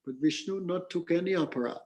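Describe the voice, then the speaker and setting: A man's voice: sits high, a little fast, darkish tone. A man, a spiritual teacher giving a scripture class and telling stories in plain, patient explanations. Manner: plain, patient explaining, breaks into mantra chanting.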